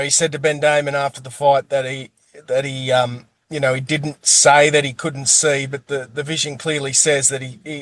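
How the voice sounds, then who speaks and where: A man's voice: a little high, a bit bright, no room sound. A man hosting an interview, asking hesitant, casual questions. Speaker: interviewer, host.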